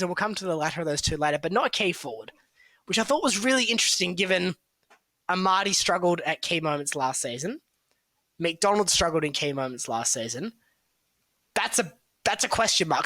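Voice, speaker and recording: A man's voice: sits high, pushed and bright, dry recording. A man talking casually on a podcast, analysing football picks with plenty of fillers and hedges. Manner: chatty, analytical, hedging with fillers. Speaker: football draft analyst, co-host.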